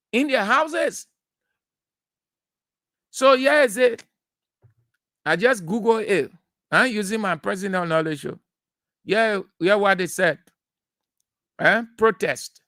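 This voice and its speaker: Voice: medium pitch, fairly bright tone, dry recording. Emphatic radio host, dry studio sound. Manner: emphatic and lecturing, repeats key phrases, asks rhetorical questions. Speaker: radio talk show host. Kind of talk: opinionated radio commentary, explaining definitions.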